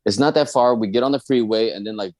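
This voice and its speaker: A man's voice: mid-range voice, quick pace. A man from the Dallas area telling a comic personal story on a podcast, acting out his friends' voices. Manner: animated, acts out friends' voices. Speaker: guest comedian telling a story.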